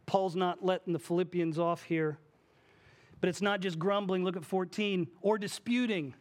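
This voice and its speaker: A man in his forties preaching a sermon as pastor, animated and acting out the voices he quotes. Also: high-pitched, moderate pace.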